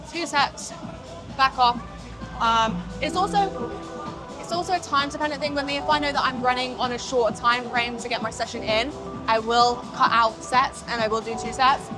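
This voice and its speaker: A young English woman chats to camera at the gym in a loose, rambling vlog style. Her voice sits a little high and she swears without a second thought. Faint music plays in the background. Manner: chatty, swears casually, rambling asides. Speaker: fitness vlogger. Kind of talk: casual vlog chat to camera.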